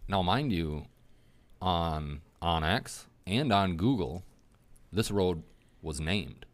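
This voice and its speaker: A man casually telling a hunting story on a podcast, swearing freely and talking with lively energy. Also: low voice, takes it slowly.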